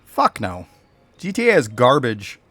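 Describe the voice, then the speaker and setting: A man's voice: mid-range voice, wildly swooping pitch, a little slow, sharp tone, no echo, faint music behind. A man from New York State ranting bluntly and profanely while chatting live with his stream viewers. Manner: blunt, profane, rambling rants.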